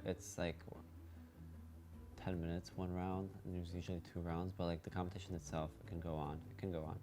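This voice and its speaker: A man's voice: deep voice, little pitch movement, fairly quick, background noise. A young man with a slight lisp answering interview questions in a blunt, dry, sarcastic way with short replies. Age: young adult. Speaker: interview guest, college student. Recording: faint music underneath.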